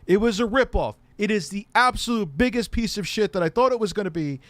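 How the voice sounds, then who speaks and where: A middle-aged tech commentary host rants sarcastically and swears a lot, swinging between muttering and shouting. His voice is high and animated, a little fast, with no echo.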